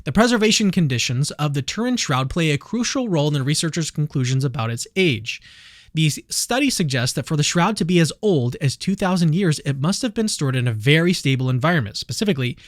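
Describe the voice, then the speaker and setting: A man's voice: on the high side, lively intonation, fairly quick, no echo, clean studio sound. A man hosting a channel, reading a paper summary aloud in a casual commentary style, with self-deprecating asides. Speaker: channel host.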